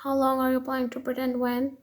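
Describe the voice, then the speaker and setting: A woman's voice: sits high, monotone, brisk, close to an everyday voice. Woman reading as an intense possessive boyfriend. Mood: accusing.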